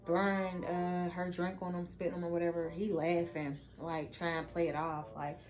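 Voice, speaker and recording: A woman's voice: on the low side, little pitch movement, normal speed, darkish tone, low-quality recording. A woman telling a casual storytime to her viewers, chatty and swearing freely as she talks to them. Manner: chatty, cursing freely, addresses viewers as y'all. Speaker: vlogger.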